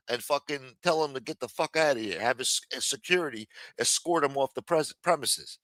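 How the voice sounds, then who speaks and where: A man's voice: medium pitch, fairly quick, hardly any pauses, a bit bright, dry recording. A man ranting casually on a livestream, swearing constantly and getting heated as he mocks people. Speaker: livestream commentator. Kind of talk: casual profane rant.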